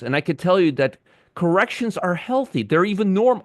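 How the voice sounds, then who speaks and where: A man's voice: high voice, very animated, normal speed, no room sound, clean studio sound. Sarcastic, exasperated male market host. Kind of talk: livestream market commentary.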